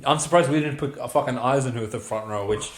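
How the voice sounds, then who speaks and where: A man's voice: mid-range voice, fast talker. A man co-hosting a sports podcast, breaking down games with blunt, profane chat. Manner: blunt, profane, chatty analysis. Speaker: podcast co-host. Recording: roomy echo.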